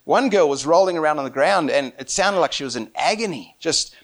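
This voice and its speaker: Brief: man preaching, high voice, very lively intonation, laughs a lot while telling stories. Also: fairly quick. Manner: animated, laughing often, acts out quoted voices. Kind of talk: lively sermon storytelling.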